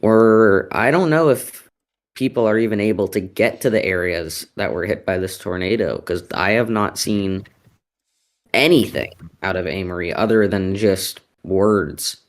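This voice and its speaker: A man co-hosting live weather coverage, reporting storm news earnestly with frequent pauses. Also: lowish voice. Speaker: weather co-host.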